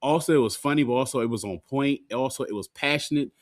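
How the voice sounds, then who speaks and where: A man co-hosting a wrestling podcast, lively and quick to laugh, swearing freely as he chats. His voice sits mid-range. The recording is close and dry. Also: mid-range voice, no room sound. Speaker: podcast co-host. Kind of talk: casual wrestling podcast chat.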